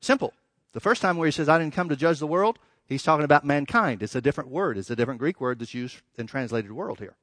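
A man's voice: on the high side, lively intonation, fairly bright tone, no room sound. A man preaching a sermon, reading verses and explaining them with emphatic rises and dramatic drops. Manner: emphatic, rising and falling, with dramatic pauses.

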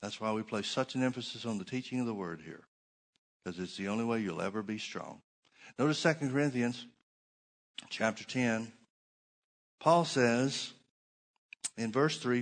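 A middle-aged man preaching a sermon in an ordinary mid-range voice. He drives his points home by slowing down and repeating phrases. His delivery rises and falls as he teaches from scripture. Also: medium pitch. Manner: preaching with shifting emphasis, slows to stress points. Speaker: pastor.

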